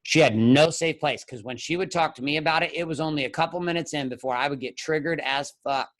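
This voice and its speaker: A man's voice: a little high, fast talker, fairly bright tone, dry recording. A man guesting on a podcast, telling a candid, blunt story with profanity and acted-out bits of dialogue.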